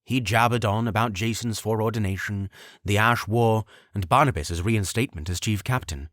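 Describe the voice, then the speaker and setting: A man narrating an audiobook in an expressive, measured storytelling manner. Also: lowish voice, dry recording, clean studio sound. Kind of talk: scripted narration.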